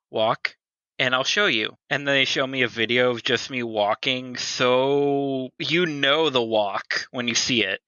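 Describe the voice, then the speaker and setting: Bright-toned, teasing man, dull mic. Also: medium pitch, no echo. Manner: teasing, joking. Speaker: podcast co-host. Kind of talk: casual podcast chat.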